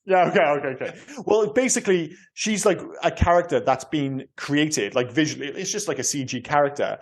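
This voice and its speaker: A man with a Welsh Cardiff accent chats casually as a podcast co-host, his voice sitting a little high for a man. He rambles and restarts his sentences, swearing freely as he explains things to his co-host. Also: a little fast. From Cardiff, Wales. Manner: rambling, self-interrupting, sweary. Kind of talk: casual chat.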